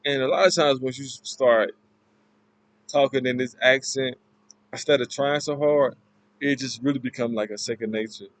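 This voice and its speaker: A man giving an informal class presentation, explaining in a halting, loosely worded way. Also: medium pitch, no echo, low-quality recording. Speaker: student presenter.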